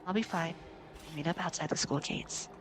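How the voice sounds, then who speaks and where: Woman doing a cool brave schoolgirl in a game, low and steady, quiet. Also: moderate pace, background noise, close to an everyday voice. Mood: calm resolve. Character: calm, brave teenage schoolgirl.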